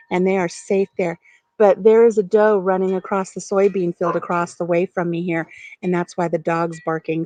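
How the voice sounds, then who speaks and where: A woman's voice: medium pitch, a little mellow, no room sound. A middle-aged woman chatting casually on a live stream from outdoors on her farm porch, giggling and talking to viewers by name.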